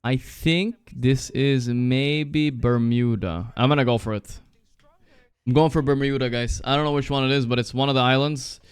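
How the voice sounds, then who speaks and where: Smooth-voiced, foul-mouthed male streamer. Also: medium pitch, steady tone, normal speed, dry recording. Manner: chatty, swears often, reacts loudly. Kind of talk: casual live-stream commentary.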